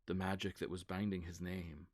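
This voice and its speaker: A man running a tabletop game on a livestream, rattling off rules quickly and slowing down for dramatic narration. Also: deep voice, level tone. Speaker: game master.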